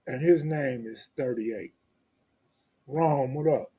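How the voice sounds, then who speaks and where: A man's voice: mid-range voice, slow pace, long pauses, mellow, breathy edge. A man hosting a live stream, reading viewer comments in blunt, profane, joking street talk. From Los Angeles, California. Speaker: host.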